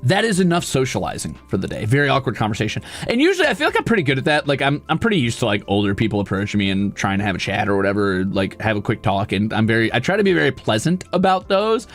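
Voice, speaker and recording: Animated guy streamer telling a funny story, voice jumps all over, soft music behind. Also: lowish voice, fast talker, few pauses. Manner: animated, laughing, acts out voices. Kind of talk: casual storytelling chat.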